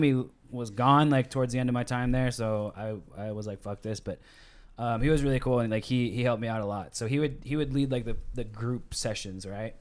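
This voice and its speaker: A man spins a long story on a podcast in loose casual chat. He rambles and swears, leans on "like" and restarts, and slips into other voices when he quotes someone. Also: medium pitch. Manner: rambling, profane, full of "like" and restarts; acts out quoted people in shifting voices. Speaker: podcast host telling a story.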